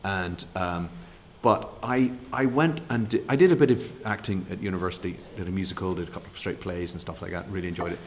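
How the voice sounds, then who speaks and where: A man's voice: low-pitched, fast, few pauses, a little hiss or hum. A middle-aged man, telling rambling, chatty anecdotes as a guest and laughing at his own tales. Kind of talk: casual anecdote.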